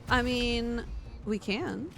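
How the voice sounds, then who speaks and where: A woman's voice: fairly high pitch, very slow, vocal fry. Playful woman streamer. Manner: playful, teasing, thanks viewers. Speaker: streamer host. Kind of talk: casual gaming chat. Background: game music.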